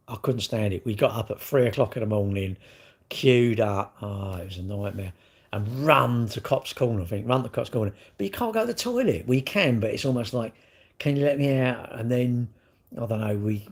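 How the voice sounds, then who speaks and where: Gravelly man chatting on a livestream. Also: medium pitch. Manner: chatty, rambling, blunt banter with slang. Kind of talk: casual livestream chat reading viewer comments.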